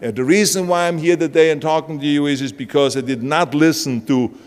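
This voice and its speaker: An older Austrian man with a heavy Austrian German accent delivers an emphatic motivational keynote, telling stories packed with punchy lines. His voice is slightly high, fairly quick, a touch mellow and clean. The live stage in a large event hall gives it a long reverb.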